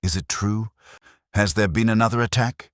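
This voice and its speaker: A man's voice: lowish voice, moderate pace, dry recording, clean studio sound, voice pushed up, natural voice. A man voicing a theatrical German countess. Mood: distressed. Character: elegant older aristocratic countess, woman, feigning distress.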